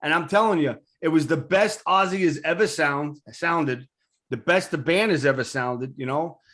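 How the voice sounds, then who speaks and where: A man from Queens, hosting a casual interview and talking like an excited fan. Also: on the high side, moderate pace. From Queens, New York. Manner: excitable, blunt fan talk. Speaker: interview host.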